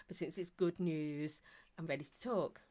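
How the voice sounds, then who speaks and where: A woman's voice: low voice, fairly even intonation, moderate pace, mellow. A woman hosting a live stream, chatting casually and rambling as she greets viewers and laughs often.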